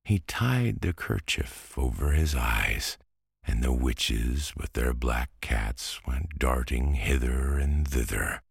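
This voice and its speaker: Bedtime narrator: male, very deep, raspy, slow and calm, dry close mic. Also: no room sound. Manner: slow, soothing delivery. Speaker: storyteller. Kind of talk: bedtime story reading.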